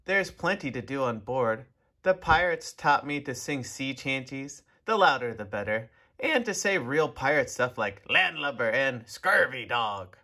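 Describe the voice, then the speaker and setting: Animated man reading a kids' story. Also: mid-range voice, a little slow. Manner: animated, expressive. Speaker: storybook reader. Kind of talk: children's story read-aloud.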